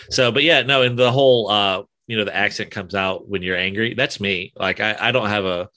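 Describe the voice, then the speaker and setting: Man, mild Southern US accent, low but bright voice, dry close sound, hesitant chatty host. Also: unhurried, dry recording. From Alabama. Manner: chatty, hesitant, many fillers and restarts, laughs often. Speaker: interview host. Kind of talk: casual interview chat.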